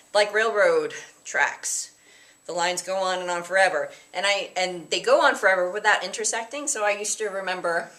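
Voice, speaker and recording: Bright-voiced woman teaching a math lesson. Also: fairly low pitch. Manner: chatty, explains with sing-song mnemonics and playful put-on voices. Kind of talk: recorded math lesson for students.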